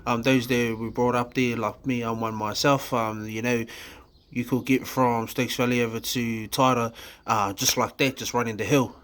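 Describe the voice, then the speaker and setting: A man from New Zealand with a New Zealand accent, giving a candid personal testimony in a halting way, full of fillers, restarts and casual swearing. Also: mid-range voice, flat delivery, fairly bright tone. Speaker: vlogger sharing his recovery story.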